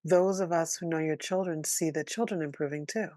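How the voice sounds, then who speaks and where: A woman's voice: low voice, a little fast, no echo, studio quality. A woman podcast co-host chatting casually, teasing her partner and chiming in with encouraging remarks. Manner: teasing, lively interjections, encouraging. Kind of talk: casual chat.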